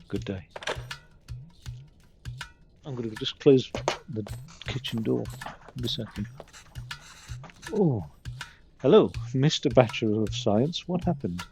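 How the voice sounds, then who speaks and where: Man, gravelly voice, live game stream, reads every character's lines aloud, faint music behind. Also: mid-range voice, animated, slow, pauses often, a little mellow. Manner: voices all the characters while reading, comments between lines. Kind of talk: live game playthrough, reading dialogue aloud.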